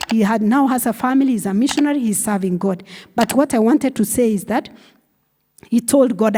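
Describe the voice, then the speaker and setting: A woman's voice: fairly high pitch, moderate pace, warm tone. A woman with a Kenyan accent giving a sermon in a conversational, explanatory teaching tone. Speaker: preacher. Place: church. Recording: long church hall reverb.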